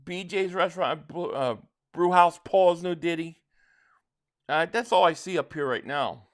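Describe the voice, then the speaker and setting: A man's voice: fairly high pitch, measured pace. A man from South Jersey hosting a live stream, chatting casually and rambling as he answers viewer comments, with frequent restarts. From South Jersey, near Philadelphia.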